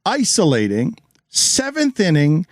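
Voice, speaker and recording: A middle-aged man hosting a talk show, excitable and teasing, laughing easily. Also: high-pitched, unhurried, no echo, clean studio sound. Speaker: host. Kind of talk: casual chat.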